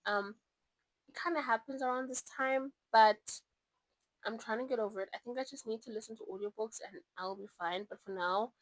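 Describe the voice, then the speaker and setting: A woman's voice: on the high side, fairly quick, dry recording, rough recording. A young woman from South Africa chatting casually about books she has read, rambling through asides. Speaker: book vlogger. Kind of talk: casual chat.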